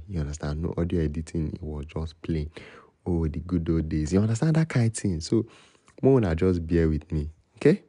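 A young man with a Nigerian accent hosts his own podcast alone in the small hours. His voice sits very low, with a husky, mellow tone. He rambles and freestyles, sliding between Pidgin and English, and the sound is close and dry. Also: normal speed, no echo. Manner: talking low late at night. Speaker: podcast host. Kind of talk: rambling solo podcast chat.

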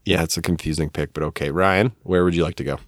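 A man hosts a casual podcast chat with a very low voice. He runs things with dry teasing. The sound is close and dry. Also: fairly even intonation, fast talker, no echo. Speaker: podcast host.

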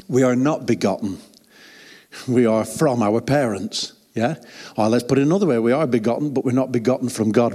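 A man's medium-pitched, gently mellow voice carries a pastor's sermon, which he fills with lighthearted anecdotes, laughter and casual asides. Long hall reverb colors the audio.

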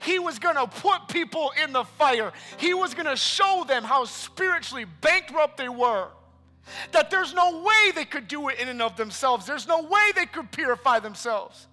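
A man preaching a sermon with passion, dropping to a hush and then rising loud again. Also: very high-pitched. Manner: impassioned, swings between hushed and loud. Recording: long hall reverb with music behind.

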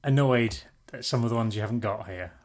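A man's voice: fairly low pitch, fairly quick, darkish tone. Patient teasing man. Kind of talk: casual chat.

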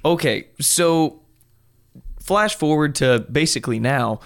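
A man hosting a podcast, asking curious follow-up questions in a relaxed interview. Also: a little high, takes it slowly. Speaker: podcast host. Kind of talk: casual interview.

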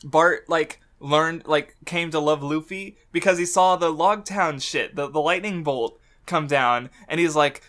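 An excitable man talks casually on a podcast, laughing a lot and swearing freely. His voice sits a little high and rings bright and forceful. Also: unhurried, hardly any pauses. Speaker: podcast co-host. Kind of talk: casual chat.

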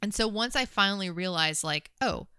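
A woman's voice: medium pitch, expressive, moderate pace, pushed and bright, clean tone, dry recording, studio quality. A woman co-hosting a podcast in casual chat, reflecting on her own experience in a chatty way. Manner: reflective, storytelling, chatty with fillers. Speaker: podcast co-host, experienced real estate agent.

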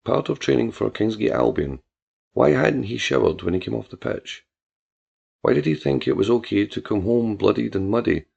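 A man narrating a dark fiction story in a slow, solemn, measured way. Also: fairly low pitch, creaky, husky, muffled recording. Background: music.

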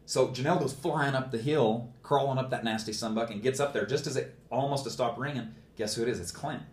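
A man's voice: medium pitch, a little fast, roomy sound. A man telling a long story in casual speech, plainspoken and rambling, with folksy phrasing.

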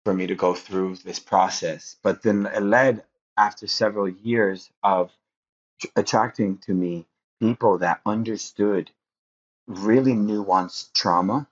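A man's voice: on the low side, steady tone, measured pace. A man speaking as a podcast guest, telling a personal story in an earnest, rambling way with frequent restarts. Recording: dull lo-fi sound.

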